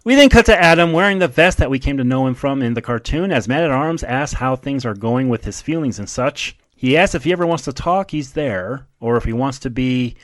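A man's voice: mid-range voice, animated, a little fast, few pauses, no room sound. A man hosting a casual podcast chat, recapping a film scene by scene and laughing often as he goes.

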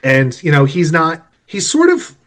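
A man with a slightly high voice reviews a film in casual chat with his co-hosts. He talks in long, winding runs full of jokey asides and quick tangents. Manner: rambling, animated, jokey asides. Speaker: movie podcast co-host.

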